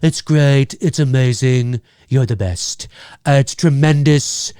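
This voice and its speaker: A man's voice: mid-range voice, slow pace, dark tone, smooth, no room sound, clean studio sound, close to an everyday voice. A man putting on a caricature of a boastful older politician who repeats big superlatives. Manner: repetitive bragging superlatives.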